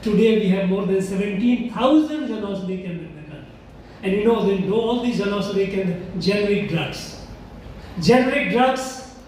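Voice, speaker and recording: A man's voice: high-pitched, darkish tone. A man giving a formal public speech to an audience, emphatic and lecturing, repeating key phrases for weight. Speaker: public speaker addressing an audience. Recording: echoey hall, distant mic, faint noise.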